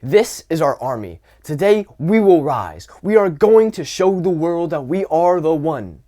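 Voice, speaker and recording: A man's voice: fairly high pitch, very animated, a little slow, warm tone, voice pushed up. A man acting out a would-be leader giving a declaiming rallying speech to an army. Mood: rousing.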